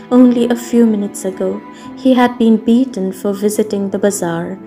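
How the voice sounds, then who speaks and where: Woman, storyteller, calm audiobook reading, slow, mellow, faint ambient music. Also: medium pitch. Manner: calm, measured narration. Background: soft ambient music.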